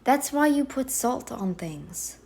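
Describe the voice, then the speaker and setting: A woman reacts to a video in casual commentary, pushing back hard on what she hears. Her voice sits high and she takes her time, leaning on her words to make her point. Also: animated, slow pace, creaky, a little mellow. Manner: emphatic, argumentative, talks back to the clip.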